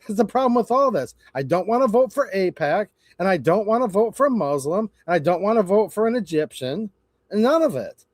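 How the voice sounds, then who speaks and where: A man with a high-pitched voice rants on his live stream, mocking and sarcastic, wandering from point to point. The sound is close and dry, with no room around it. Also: sing-song, fairly quick, darkish tone, no echo. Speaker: channel host. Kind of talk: live-stream commentary rant.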